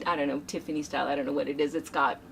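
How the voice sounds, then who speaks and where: A middle-aged woman chatting casually as co-host, telling animated family stories and laughing often. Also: deep voice, racing, vocal fry, slight background noise. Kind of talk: casual chat.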